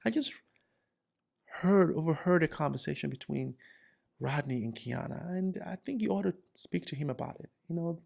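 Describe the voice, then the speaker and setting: A man putting on the voice of a soft-spoken woman coworker who reports on colleagues. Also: deep voice, lively intonation, moderate pace, gravelly, full character voice. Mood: hushed.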